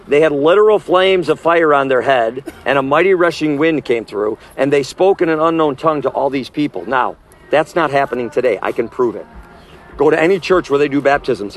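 A man preaching outdoors on a city street, emphatic and forceful, his voice climbing high when he exhorts.

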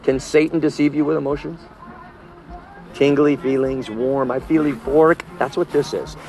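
Forceful, emphatic man preaching on the street. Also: steady tone, moderate pace. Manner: forceful, emphatic, climbs high when exhorting. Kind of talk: outdoor street preaching and debate. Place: outdoors on a city street.

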